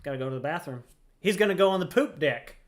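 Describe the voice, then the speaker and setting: A man's voice: fairly high pitch, animated, quick pace. A man casually commenting while playing a video game, jokey and playful, laughing often. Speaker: let's-play host.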